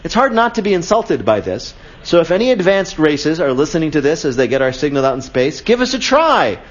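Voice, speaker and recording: Lively joking quiz show host. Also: male voice, a little high, a little fast, dull audio. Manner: jokey, mock voices for laughs. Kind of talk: live radio comedy quiz hosting. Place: auditorium with live audience.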